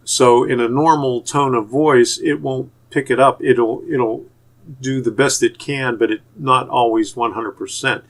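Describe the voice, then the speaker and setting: A man's voice: mid-range voice, steady tone, a bit bright. Pittsburgh guy talking youtube tips, lots of uh's and restarts, plain middle voice. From Pittsburgh, USA. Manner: halting, many "uh" fillers and restarts. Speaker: YouTuber giving channel tips. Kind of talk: casual tutorial talk to camera.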